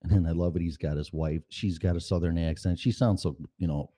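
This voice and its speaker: A man's voice: low voice, fairly even intonation, a little fast, mellow, slightly rough. A middle-aged man hosting his own podcast at home, talking in a profane, rambling rant. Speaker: podcast host. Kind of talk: casual rambling monologue. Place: apartment at home. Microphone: studio mic with headphones.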